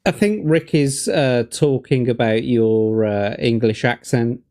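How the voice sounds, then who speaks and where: A man's voice: medium pitch, a little slow, darkish tone. Dry-humored male stream host. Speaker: host and game runner. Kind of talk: casual chat on a gamebook stream.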